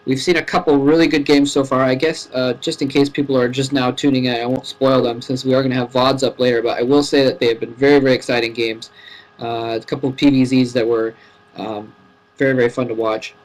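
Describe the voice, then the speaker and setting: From a computer in his home, an esports caster commentates a live match casually, chatting and laughing a lot, his voice jumping sharply at exciting moments. He speaks briskly at a medium pitch, and the recording quality is low.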